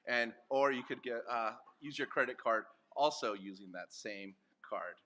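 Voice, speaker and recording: A man speaking at a charity luncheon, making a donation appeal and then running a playful live auction with rapid bid calls. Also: medium pitch, pushed and bright, slight background noise. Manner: upbeat, rapid auction calls with self-deprecating asides. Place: banquet hall at a luncheon.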